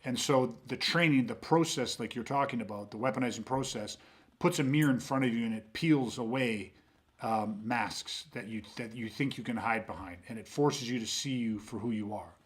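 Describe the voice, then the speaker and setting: A man's voice: medium pitch, normal speed. A middle-aged man on a podcast, talking intensely and swearing often, with frequent restarts as he builds a point. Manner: intense, profane, repeats words when starting sentences. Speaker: podcast host. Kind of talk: casual podcast conversation.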